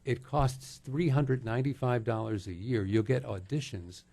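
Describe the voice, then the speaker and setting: A middle-aged man chats easily as a guest, mid-pitched and unhurried. He jokes and restarts his sentences, with plenty of fillers. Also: creaky. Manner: relaxed, joking, talks with fillers and restarts. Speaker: voiceover actor guest. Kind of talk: casual studio chat.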